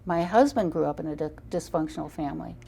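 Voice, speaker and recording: An older woman speaking as a guest in an interview, earnest and emphatic. Her voice sits fairly low and carries a gravelly fry. She tells stories and drives each point home. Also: fast, mellow, slight background noise. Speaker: parenting guest. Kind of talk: interview storytelling.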